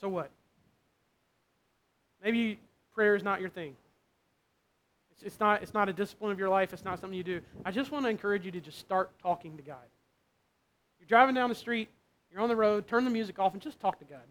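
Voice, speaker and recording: A man's voice: high-pitched, fairly quick, long pauses, a bit bright. A male pastor preaching a sermon in a conversational way, often checking in with his listeners.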